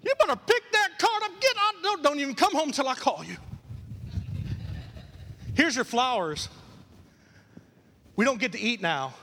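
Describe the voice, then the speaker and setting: A man playing an angry middle-aged wife scolding her husband, in a shrill high voice. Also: animated, a little slow, long pauses, pushed and bright, big-room sound, a little hiss or hum, exaggerated voice.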